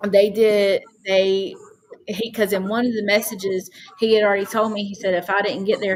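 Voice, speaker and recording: A woman's voice: mid-range voice, little pitch movement, moderate pace, low-quality recording. Lady guest on a podcast, earnest storytelling, faint hiss behind her. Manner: earnest, quotes others' speech at length. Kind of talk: emotional personal storytelling. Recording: faint background noise.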